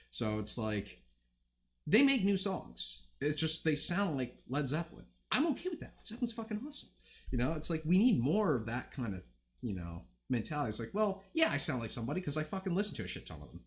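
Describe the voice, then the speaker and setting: A man's voice: on the high side, a little hiss or hum. A young man hosting a livestream, chatting casually with viewers in a rambling, profane way full of fillers. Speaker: livestream host. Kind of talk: casual chat with stream viewers.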